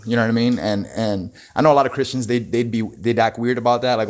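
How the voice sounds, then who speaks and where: A man's voice: mid-range voice, fairly even intonation, fast, few pauses. A man giving a casual, reflective monologue, full of "you know" and "bro" and frequent restarts. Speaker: motivational talker.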